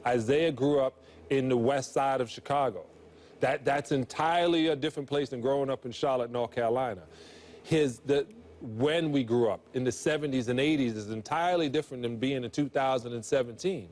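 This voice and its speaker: A man in his forties with a voice of middling pitch talks sports on a panel show. He makes his case earnestly, often restarting his sentences as he thinks aloud. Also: a little fast, darkish tone. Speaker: sports analyst. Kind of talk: sports talk show discussion.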